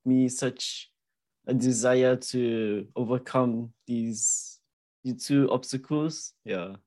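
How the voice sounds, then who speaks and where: A man interviewing a guest, asking questions in a hesitant, halting way. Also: mid-range voice, fairly even intonation, warm tone.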